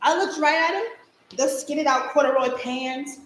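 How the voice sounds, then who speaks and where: A woman's voice: sits high, unhurried, a bit bright, a little hiss or hum. A young woman acting a theatrical monologue as a spirited girl recalling her childhood, with vivid, rhythmic storytelling on a stage. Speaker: stage actor. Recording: echoey live stage recording.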